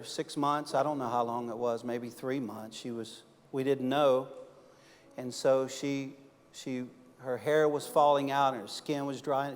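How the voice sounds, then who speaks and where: A man preaching a sermon as a pastor, swinging from loud, emphatic peaks down to soft, close storytelling. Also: mid-range voice. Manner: impassioned, rising to loud emphatic peaks then dropping soft. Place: church auditorium. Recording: large hall reverb with faint music behind.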